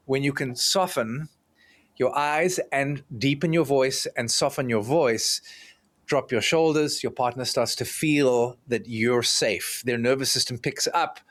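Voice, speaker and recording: A man as a podcast guest, explaining relationship repair calmly and acting out example lines between partners. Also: mid-range voice, measured pace. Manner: calm, explanatory, acts out example dialogue.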